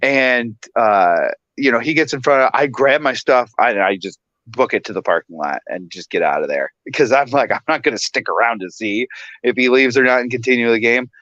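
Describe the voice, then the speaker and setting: A man on a casual talk show, animated and laughing often as he tells a story. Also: mid-range voice, a little fast, no room sound, highs cut off. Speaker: guest.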